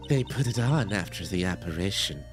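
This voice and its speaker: A man voicing a frail, creepy young woman who speaks slowly and ominously while reading a visual novel aloud. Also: low voice, lively intonation, faint music behind, pitched below the performer's own voice. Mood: eerie. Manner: slow, drawn-out, ominous delivery.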